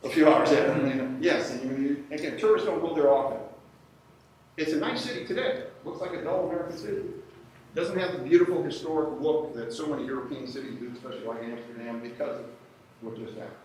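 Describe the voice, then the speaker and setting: A man delivers an animated history lecture to a live audience, regularly asking them questions. His voice sits a little on the high side. The room is very echoey, the mic is far away, and there is faint background noise. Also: a little fast. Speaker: history speaker at a workshop. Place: indoor event room with audience.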